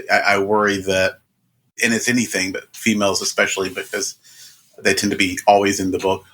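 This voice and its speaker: A man with a fairly low voice co-hosts a podcast. he talks in a halting way and keeps restarting his sentences as he thinks aloud. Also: a bit bright. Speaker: podcast co-host. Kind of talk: casual chat.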